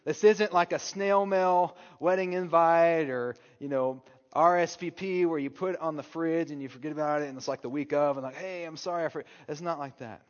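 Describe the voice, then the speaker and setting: A man preaching a sermon as pastor, moving from hushed, slow passages to loud, urgent calls. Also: on the high side, steady tone. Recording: dull long-reverb hall sound.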